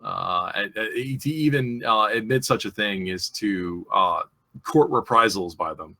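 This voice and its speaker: Bright-voiced male game master. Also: on the low side, unhurried. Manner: explains rules with frequent fillers. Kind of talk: running a tabletop game.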